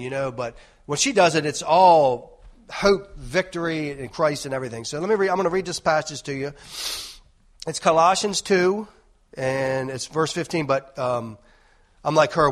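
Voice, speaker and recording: A man's voice: on the high side, fairly bright tone. A man giving an informal sermon, telling a rambling personal story with many restarts and "right?" tags. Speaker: lay preacher.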